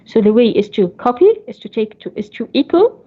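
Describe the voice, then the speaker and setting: A woman's voice: a little high, very animated, fairly quick, warm tone, husky. A woman teaching an online English class, explaining pronunciation patiently with examples over a video call. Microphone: computer mic on a video call. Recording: dull lo-fi online call audio.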